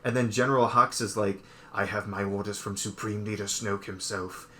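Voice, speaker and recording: A man's voice: lowish voice, fairly even intonation, bright, forceful tone, slight background noise. Brief: man, casual co-host, rambles through a movie plot with lots of "like" and little voiced quotes. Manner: rambling retelling full of "like" and quick put-on quotes. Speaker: podcast co-host. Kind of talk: casual chat.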